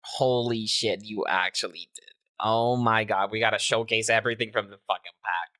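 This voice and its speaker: A man's voice: fairly low pitch, fairly even intonation, moderate pace, sharp tone, no room sound. A man chatting casually on a livestream as he presents a remix. He is playful, laughs a lot, swears freely, and breaks into joking meows. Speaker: music producer presenting a remix to a live chat.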